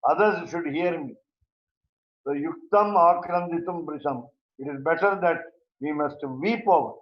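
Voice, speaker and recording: A man teaching a verse-by-verse scripture class, speaking haltingly with many pauses and fillers. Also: a little high. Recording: roomy, dull lo-fi recording.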